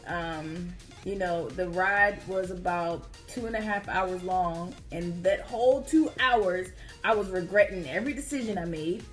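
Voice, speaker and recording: A woman talks straight to her viewers and tells her own story. She is chatty and expressive, and she keeps calling them y'all. Her voice sits at an average pitch, with soft music playing faintly behind her. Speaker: vlogger telling her story. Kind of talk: casual storytelling to camera.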